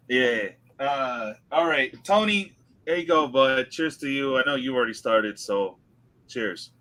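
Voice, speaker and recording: A young man hosting a casual live stream chat, animated and laughing often. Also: mid-range voice, slow. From California. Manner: animated, laughs often, drinks and toasts viewers. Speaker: host.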